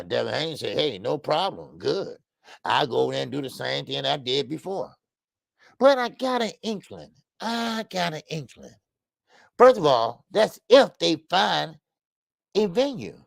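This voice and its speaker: Gravelly older man with a loose, profane style. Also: mid-range voice, no echo. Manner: loose and profane, lots of stammered fillers, laughs at own jokes. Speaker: boxing show host. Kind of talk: casual call-in show commentary.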